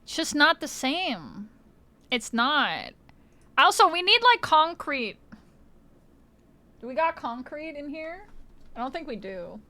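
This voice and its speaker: Lively playful woman streamer. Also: high-pitched, takes it slowly, pauses often. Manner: playful, swears freely, laughs often. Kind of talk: casual livestream chat.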